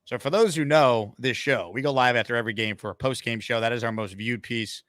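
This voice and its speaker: A man's voice: mid-range voice, brisk, fairly bright tone, dry recording, studio quality. A man hosting a live call-in sports talk show, upbeat and hyping callers and promotions. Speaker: show host.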